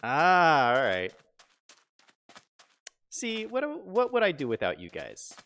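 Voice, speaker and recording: This man's voice is high-pitched and fairly bright, with vocal fry and huge pitch swings, and he speaks slowly. He's live-streaming a building game, chatting casually, questioning himself and reading out viewer comments.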